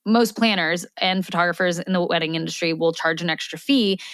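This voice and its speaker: A woman's voice: fairly low pitch, a bit bright, clear, resonant tone, no echo. Chatty woman co-host, dry close mic. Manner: chatty, full of agreeing fillers, quick bursts. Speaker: podcast co-host. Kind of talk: casual chat.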